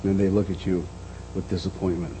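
A middle-aged man preaching a reflective sermon as a pastor, dropping to a soft voice and then lifting it again. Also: sits low, little pitch movement, a little fast, slight background noise, low-quality recording. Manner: reflective, speaks softly then lifts his voice.

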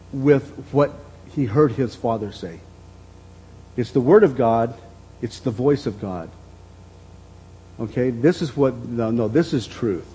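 A man's voice: medium pitch, warm tone, slightly rough, low-quality recording. A man preaching a sermon. He reads scripture aloud, explains it unhurriedly, and often repeats words as he goes. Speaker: pastor.

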